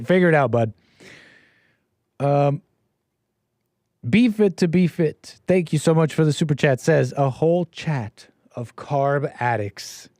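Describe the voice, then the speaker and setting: A man's voice: on the high side, a little mellow, dry recording, clean studio sound. A man livestreaming, rambling casually with many repeats and restarts. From Canada. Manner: meandering, repeats words and restarts.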